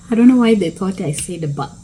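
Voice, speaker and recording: A woman's voice: mid-range voice, lively intonation, moderate pace, mellow, slight background noise, rough recording. A woman from Kenya with a Kenyan accent, talking casually to camera as a vlogger, chatty with fillers and restarts. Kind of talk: casual explanatory talk to camera.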